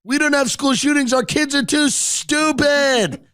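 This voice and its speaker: A man's voice: very high voice, pitched above the performer's own voice. Man doing a ranting cruel mayoral candidate. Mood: vicious. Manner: shouting, drawn-out, mock-rousing speech.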